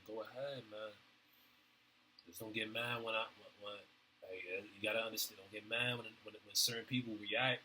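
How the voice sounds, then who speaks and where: A man rambling through a casual stream-of-consciousness monologue, halting often with fillers and restarts in slangy everyday talk. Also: fairly low pitch, sharp tone, a little hiss or hum, low-quality recording. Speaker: vlogger.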